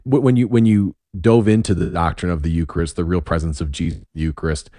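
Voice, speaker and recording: A man's voice: sits low, steady tone, fast talker, warm tone, no room sound, clean studio sound. A man hosting a casual interview, thoughtful and enthusiastic as he asks questions. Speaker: podcast host.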